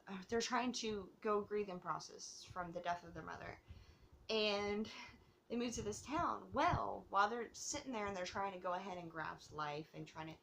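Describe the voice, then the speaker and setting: A woman's voice: mid-range voice, sharp tone, slight background noise. A woman hosting her own movie review vlog, rambling and gushing with giggles, a bit tipsy from drinking. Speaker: host of a movie review channel.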